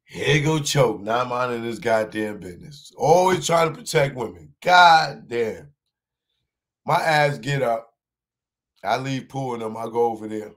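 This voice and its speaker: Man, stand-up comic, animated storytelling, slangy, restarts, mid-pitched voice. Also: a little slow. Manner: animated storyteller, acts out voices, jumps to high shouts; repeats and restarts words, talks in slang. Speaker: stand-up comedian.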